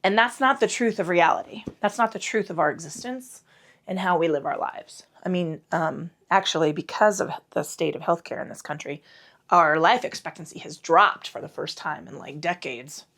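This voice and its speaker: A woman's voice: lowish voice, normal speed, fairly bright tone. A middle-aged woman teaching a casual yoga class, rambling, swearing freely and joking at her own expense. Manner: rambling, profane and self-deprecating. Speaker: yoga instructor. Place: indoors at home.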